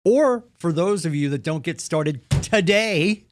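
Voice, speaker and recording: A man's voice: fairly high pitch, expressive, a little slow, a little hiss or hum. A man leading a real estate team's morning meeting, giving an earnest, punchy motivational talk and acting out the excuses people make. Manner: earnest, punchy, acts out quoted voices. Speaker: real estate team leader.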